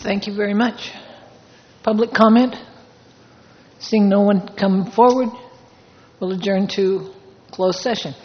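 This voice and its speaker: A woman presiding as board president over a public meeting, running the agenda in a brisk, businesslike way. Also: medium pitch, fairly even intonation. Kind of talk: formal meeting procedure. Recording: echoey hall, dull lo-fi sound, faint noise.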